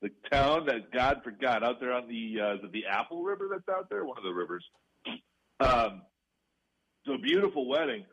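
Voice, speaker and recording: A man's voice: mid-range voice, sing-song, normal speed, gravelly, a bit bright, slightly rough, dull audio. A young man co-hosting sports talk radio, rambling casually with fillers and laughs. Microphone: studio radio mic.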